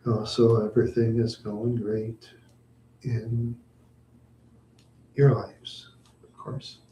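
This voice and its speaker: A man's voice: medium pitch, level tone, takes it slowly, mellow, reverberant, a little hiss or hum. A man hosting a livestream, rambling and out of breath, sighing and trailing off as he chats. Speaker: livestream host.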